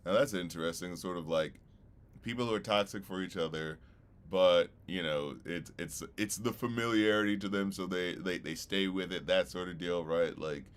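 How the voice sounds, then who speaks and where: Rambling man reacting to music, lowish voice. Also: normal speed, clear, resonant tone. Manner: rambling, heavy on fillers and "you know what I mean", swears casually. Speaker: music reviewer hosting a listening stream. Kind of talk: casual reaction commentary.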